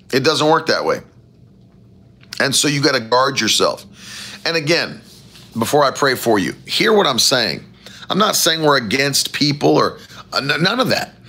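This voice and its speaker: A man preaching a sermon as pastor, with animated, emphatic rising phrases and a gravelly voice. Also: mid-range voice.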